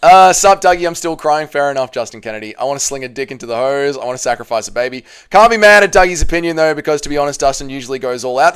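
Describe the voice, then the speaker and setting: A man's voice: lively intonation, quick pace, few pauses, a bit bright, clean tone. A man hosting a casual livestream, reading chat aloud and swearing, his voice climbing when upset. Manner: emotional, repeats himself, swears, rises in pitch when upset.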